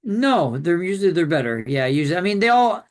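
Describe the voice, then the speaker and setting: A man's voice: high voice, sing-song, a little fast. A man co-hosting a podcast, giving his film opinion in casual, hesitant chat. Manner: hesitant, many fillers and restarts. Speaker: podcast co-host.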